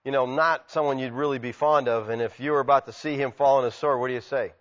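A man preaching a sermon, animated, acting out quotes and swinging from loud shouts to quiet asides. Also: mid-range voice, quick pace, hardly any pauses. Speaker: pastor. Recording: muffled sound with long hall reverb.

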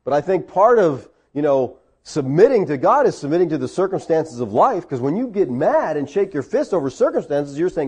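A middle-aged man preaching a sermon, animated, with jokes and acted-out quotes. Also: fairly high pitch, a little fast, few pauses, slightly rough. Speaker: pastor.

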